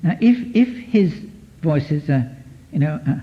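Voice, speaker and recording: Male therapist lecturer, animated and rambling, on a dull archive recording. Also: a little high, a little slow. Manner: lively, digressive, many restarts, taps out rhythms. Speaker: psychotherapist giving a lecture. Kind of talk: lecture to an audience.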